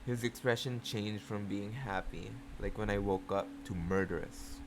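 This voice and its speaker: A host reading fan fiction aloud in a casual reaction video, moving between slow, even reading and loud, shocked, swearing outbursts. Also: low-pitched, slight background noise.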